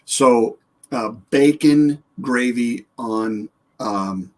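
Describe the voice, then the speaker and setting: A man's voice: medium pitch, extremely slow. A man guesting on a casual podcast over a remote call, laid-back and agreeable. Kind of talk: casual chat. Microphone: remote call mic.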